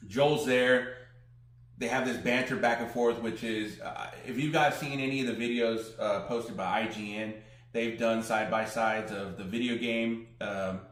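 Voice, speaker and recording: A man's voice: medium pitch, steady tone, a little slow. A man co-hosting a casual podcast, retelling a TV episode and quoting its characters loosely. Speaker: podcast co-host. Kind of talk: casual recap chat. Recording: roomy echo.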